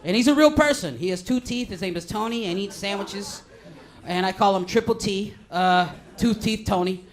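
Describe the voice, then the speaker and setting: A young man doing a rambling stand-up set in a comedy club, deadpan and crude, high on edibles. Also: moderate pace.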